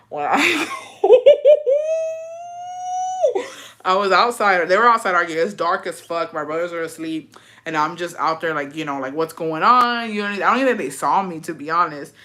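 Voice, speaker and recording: A woman's voice: low voice, a bit bright. A woman telling a family story in a casual, blunt way, swearing a lot and slipping into Spanish phrases. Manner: profane, blunt, slips into Spanish. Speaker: vlogger.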